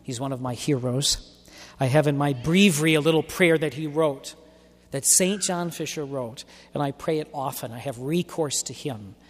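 A man's voice: a little high, moderate pace, in a large hall. A man preaching a sermon in an emphatic, dramatic way, drawing out key words for weight.

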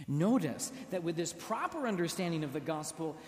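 A man delivers a sermon with a lively, rising and falling delivery, taking his time over each phrase. His voice rings out through a large church with a long, echoing tail. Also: a little high. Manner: expressive, slow and deliberate, with dramatic pauses and acted quotes. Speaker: preacher. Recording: echoey church hall.

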